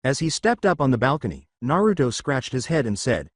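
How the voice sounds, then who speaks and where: Man narrating a fan story, lively pitch. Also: brisk, dry recording, clean studio sound.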